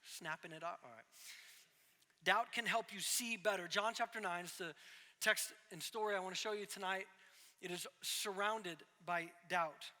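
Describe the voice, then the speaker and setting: A young man preaching in a big hall, his very high, bright voice ringing out with a long echo behind it. He keeps things conversational, dropping in "right?" asides and poking fun at himself. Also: normal speed. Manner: conversational, self-deprecating, frequent "right?" asides. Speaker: pastor. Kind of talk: sermon to young adults.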